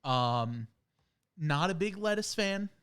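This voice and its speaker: Co-host, male, somewhat high voice, easygoing, hesitant fillers. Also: lively intonation, takes it slowly, a bit bright, clear, resonant tone. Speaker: podcast co-host. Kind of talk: casual chat.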